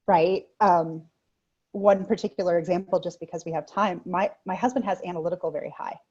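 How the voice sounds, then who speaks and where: Host, female, husky and animated, casual interview chat, lo-fi sound. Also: on the low side, brisk. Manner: animated storyteller who acts out voices. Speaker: podcast host.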